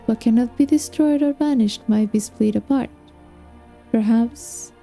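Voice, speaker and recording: A woman's voice: on the high side, measured pace, gravelly, warm tone, faint music behind. Woman reading as a clever, probing young queen. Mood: cool. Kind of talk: reading a novel aloud.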